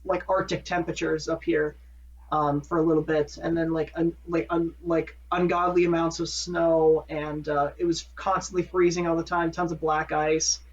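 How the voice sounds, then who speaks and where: A man's voice: fairly high pitch, little pitch movement, moderate pace. A man from Minnesota co-hosting a podcast in a casual, rambling chat, often correcting himself and laughing at his own jokes. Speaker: podcast co-host. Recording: distant dull mic.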